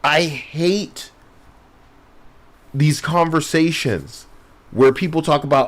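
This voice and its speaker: A man's voice: on the high side, expressive, takes it slowly. A man streaming, chatting casually in a joking, rambling, sarcastic way.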